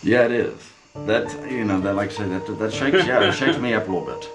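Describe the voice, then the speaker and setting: A man investigating a haunted cabin, talking haltingly with many restarts, recorded indoors on a camera mic. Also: on the low side, over loud music, poor audio. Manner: halting, full of restarts and fillers. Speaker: paranormal investigator. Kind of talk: casual on-location talk. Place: inside an old cabin.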